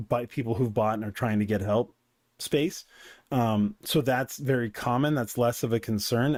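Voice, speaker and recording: A man who coaches businesses, talking through his points in a loose, rambling commentary full of fillers. His voice sits at a mid pitch, and the recording is dry and close with no room sound. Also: darkish tone, dry recording. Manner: conversational, digressive, filler-heavy. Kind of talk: casual commentary.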